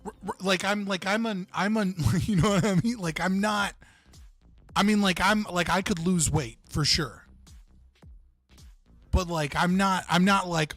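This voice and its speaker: A man's voice: high-pitched, a little slow, pauses often, fairly bright tone, soft background music. A young man telling a story casually on a livestream, rambling with many restarts and laughing at himself. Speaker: livestream host.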